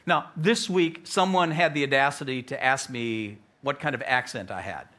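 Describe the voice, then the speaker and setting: A male pastor with an American accent preaching a sermon, telling the story with animated delivery and acted-out voices. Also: mid-range voice, moderate pace. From United States.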